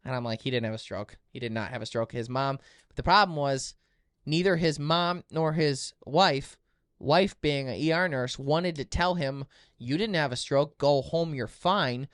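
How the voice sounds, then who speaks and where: Animated male podcast host storytelling. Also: medium pitch, normal speed, clean tone, no room sound, clean studio sound. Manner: animated, acts out quoted dialogue. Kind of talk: casual storytelling chat.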